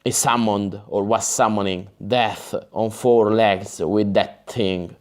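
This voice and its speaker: A man doing a gruff growling berserker. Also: fairly even intonation, slow pace, darkish tone. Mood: grim, growling. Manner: growling, low and grim. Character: gruff, bitter male berserker warrior.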